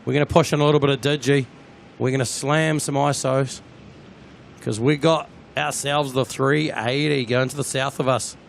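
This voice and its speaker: A man with a New Zealand accent, hosting a live plane-spotting stream, chatty and excitable as he talks to his viewers outdoors at an airport. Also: mid-range voice, moderate pace, gravelly, a little hiss or hum.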